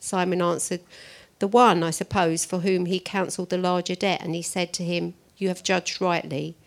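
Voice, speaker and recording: Brief: a woman with a lower voice, a volunteer reading scripture at a church meeting, even and measured. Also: creaky. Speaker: scripture reader.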